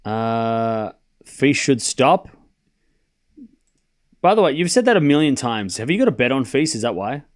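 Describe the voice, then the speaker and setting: Man, stream host, casual tennis play-by-play, teasing chat replies, animated voice. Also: mid-range voice, fairly quick, hardly any pauses. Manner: chatty, teasing, talks straight to his chat. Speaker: streamer doing a live tennis watchalong.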